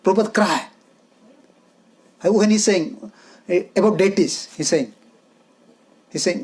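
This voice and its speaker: High-voiced man giving an emphatic sermon. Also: lively intonation, normal speed, pauses often. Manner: emphatic, repeats short phrases, simple English grammar. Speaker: spiritual teacher. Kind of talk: devotional lecture.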